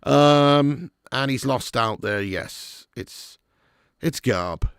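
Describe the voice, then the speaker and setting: A man's voice: mid-range voice, animated, extremely slow, fairly bright tone, clear, resonant tone, no echo, studio quality. A man hosting a live football watch-along, chatting with viewers by name and commentating with sarcasm.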